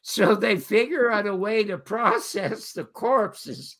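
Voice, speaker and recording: Older guy spinning showbiz stories, kinda high and gravelly. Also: slow pace. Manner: animated storyteller quoting others. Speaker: guest storyteller. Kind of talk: casual interview anecdotes.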